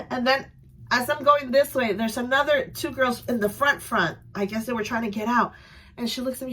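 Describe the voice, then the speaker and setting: A woman's voice: high-pitched, normal speed. Chatty young woman vlogger. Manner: animated, chatty, laughs often. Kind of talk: casual storytelling.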